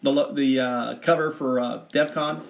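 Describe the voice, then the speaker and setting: A man talking through a chart in a digressive, rambling monologue, restarting often and bursting into excitement. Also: mid-range voice, normal speed, creaky, echoey room. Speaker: vlogger explaining a chart of figures.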